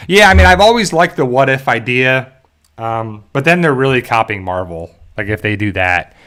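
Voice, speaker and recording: A man's voice: mid-range voice, lively intonation, normal speed, fairly bright tone. A man from South Jersey in the US hosts a casual fan discussion, rambling with many fillers and restarts and talking straight to his viewers. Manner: addresses viewers directly. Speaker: YouTube show host.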